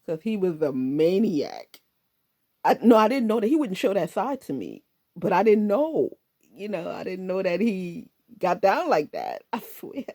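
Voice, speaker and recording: A woman's voice: mid-range voice, measured pace. A middle-aged woman casually telling a personal story, laughing often and acting out her own past lines. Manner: animated, laughing often, quoting herself.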